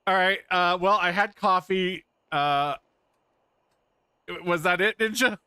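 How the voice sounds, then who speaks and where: A man's voice: high-pitched, takes it slowly, bright, forceful tone, smooth. A man streaming a video game, giving casual commentary full of dry, sarcastic muttering.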